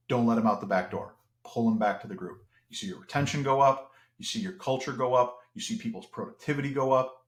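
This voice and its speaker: A man's voice: medium pitch, roomy sound. A man as an interview guest, talking in an earnest, reflective way with frequent restarts. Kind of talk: casual podcast conversation.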